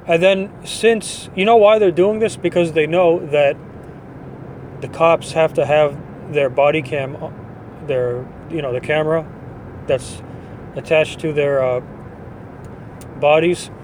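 A man's voice: on the high side, steady tone, unhurried, long pauses, a little mellow, a little hiss or hum. A man hosting a podcast, delivering a blunt, dismissive opinion monologue. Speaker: podcast host.

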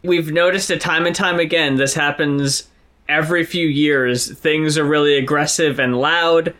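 High, bright-voiced man in casual chat. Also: fairly even intonation. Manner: loose, profane, fast riffing. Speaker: podcast co-host. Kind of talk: casual music podcast chat.

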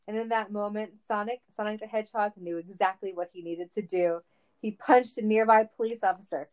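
A woman reads a comic story aloud with playful timing. Her voice sits in a middling range, and she keeps the narration lively and teasing. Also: mid-range voice, moderate pace, rough recording. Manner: playful, laughing.

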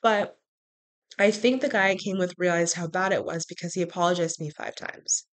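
A woman hosting a podcast, telling a personal story in a frank, animated way with sarcastic asides. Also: lowish voice, fairly quick. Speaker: podcast host. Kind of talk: casual storytelling monologue.

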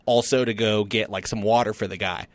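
A man's voice: on the low side, fairly quick, no room sound. Man telling a story on a podcast. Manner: animated anecdote-telling, self-deprecating. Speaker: podcast co-host. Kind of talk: casual chat, storytelling.

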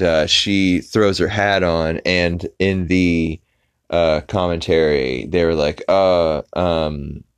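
A man's voice: sits low, smooth. A man hosting a podcast, casually recapping an episode in a rambling way full of fillers and restarts. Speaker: podcast host.

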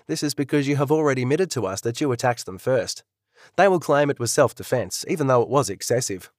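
A man's voice: medium pitch, expressive, quick pace, no echo, clean studio sound, close to an everyday voice. Man doing a formal senior police constable. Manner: formal, level. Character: middle-aged male senior police constable.

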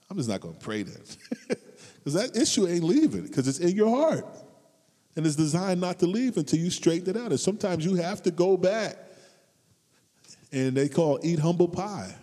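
A man delivers a relaxed, humorous sermon in a mellow, dark-toned voice. He bursts into high, loud exclamations for his stories and falls back to soft, low asides. A long reverb from the hall trails his words. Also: normal speed, pauses often. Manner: animated, swings between loud high outbursts and low asides, laughs often. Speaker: preacher.

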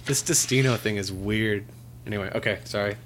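A man co-hosting a casual chat, tossing in quick, crude wisecracks. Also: lowish voice, a bit bright, a little hiss or hum. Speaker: podcast co-host.

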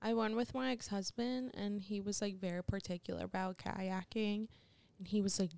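A woman's voice: medium pitch, steady tone, moderate pace, vocal fry, a little mellow, clean tone, no room sound. A woman comedian chatting casually on a podcast, telling anecdotes and laughing between lines. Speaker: stand-up comedian.

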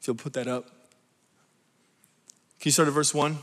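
A male pastor delivers a sermon with emphatic drive, pausing to check in with rhetorical questions. His voice sits a little high for a man. The sound carries a long reverb, as if from a large church sanctuary. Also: fairly even intonation, fairly bright tone.

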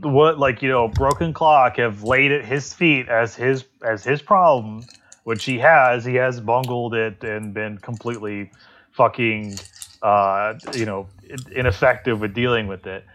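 A man's voice: mid-range voice, measured pace, a bit bright. A man co-hosting a podcast, rambling and sarcastic in casual political chat, swearing freely. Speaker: podcast co-host.

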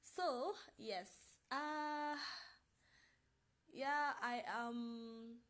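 A woman's voice: fairly high pitch, extremely slow, a bit bright. A young woman chatting casually to camera as a vlogger, talking in loose restarts and repeating herself as she goes.

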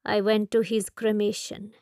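A woman voicing a grieving, resolute Catholic nun who speaks in a quiet, measured way, in an audiobook. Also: mid-range voice, completely flat delivery, no echo, clean studio sound, natural voice. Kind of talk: audiobook character voice.

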